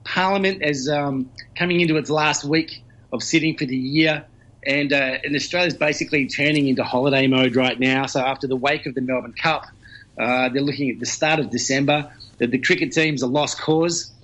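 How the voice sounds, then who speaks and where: A man's voice: medium pitch, fairly even intonation, brisk, fairly bright tone, highs cut off. A man giving conversational news commentary on the radio, explaining at length with many fillers.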